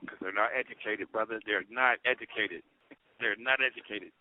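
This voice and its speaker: A man, an incarcerated comedian calling in as a guest, telling stories in an animated way and saying "you know" a lot. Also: lowish voice, normal speed, no echo. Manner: animated storyteller, peppers talk with "you know". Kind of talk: storytelling comedy chat. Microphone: prison phone call. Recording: tinny phone line.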